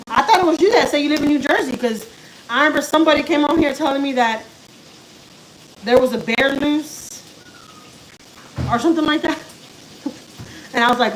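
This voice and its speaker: A woman from Houston, Texas speaks in a high-sitting voice over a noisy background. She is a vlogger on a live stream in her home kitchen, cooking, chatting casually with viewers, responding to comments, and addressing her pet.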